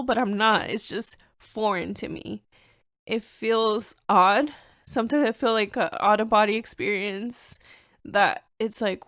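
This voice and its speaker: A young woman with a fairly high voice chats candidly on her podcast, animated and full of "like" fillers. She sits close to the mic in a dry, dead room. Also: dry recording. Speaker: podcast host. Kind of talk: casual personal podcast monologue.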